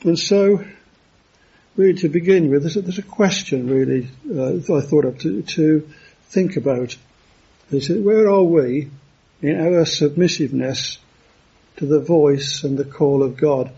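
A man preaching a sermon in a halting way, with many fillers and restarts. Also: a little high, creaky, mellow, husky, lo-fi sound.

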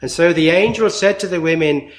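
A man preaching a sermon in a slow, deliberate way with emphatic pauses. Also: a little high.

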